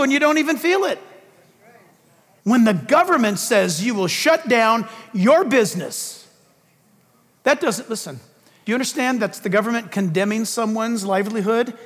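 High-voiced fervent male preacher in a hall. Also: fairly bright tone. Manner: emphatic, fervent, rhetorical questions. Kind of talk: political sermon.

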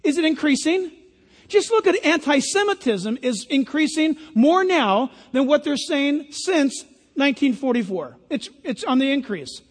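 A male pastor delivers an emphatic sermon, and his voice sits unusually high for a man. He drops in sarcastic asides between his points. The sound carries the long reverb of a church hall. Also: animated, unhurried.

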